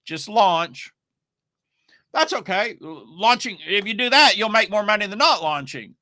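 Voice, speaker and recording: A man speaks on a live stream in an emphatic, folksy way and hammers his points through repetition. His voice sits high and sounds bright and forceful. The sound is close and dry, with no room echo. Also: animated, normal speed. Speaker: online marketing teacher.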